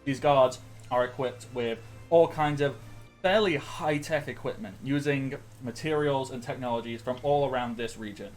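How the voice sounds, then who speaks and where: A man's voice: mid-range voice, normal speed, faint music behind. A man giving a casual, rambling recap of a tabletop role-playing session, full of ums and self-corrections.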